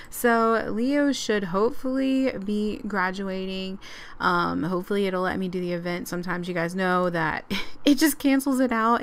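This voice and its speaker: A young woman giving chatty, excitable let's-play commentary with frequent giggles. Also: mid-range voice. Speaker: gaming channel host.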